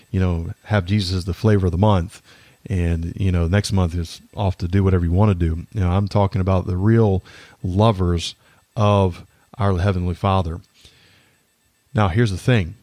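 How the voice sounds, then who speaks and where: A low-voiced man in his thirties hosts a faith-based podcast, sharing personal reflections in a warm tone. He speaks earnestly but haltingly, with many fillers and restarts. The recording is close and dry, free of room echo.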